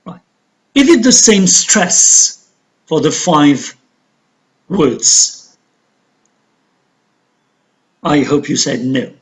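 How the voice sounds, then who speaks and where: A woman with an Algerian accent teaching a recorded English pronunciation lesson, speaking deliberately and repeating words for drilling. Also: deep voice, very animated.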